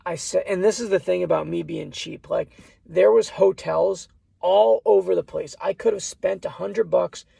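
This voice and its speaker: High-ish gravelly guy rambling through a story, dry close sound. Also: dark tone, no echo. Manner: rambling, repeats "I said" and restarts lines. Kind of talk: casual personal storytelling.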